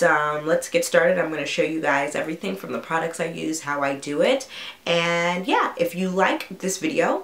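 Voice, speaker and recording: A woman's voice: on the low side, gravelly, fairly bright tone. A young woman with a stuffy, nasal voice from a cold, chatting casually through a makeup tutorial with lots of fillers. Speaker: beauty vlogger.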